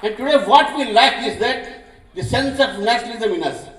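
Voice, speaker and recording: A man's voice: very high voice, moderate pace, fairly bright tone, slight background noise. A man with an Indian accent giving an impassioned political speech at a public meeting. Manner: impassioned, declamatory. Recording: echoey hall, mic from far off.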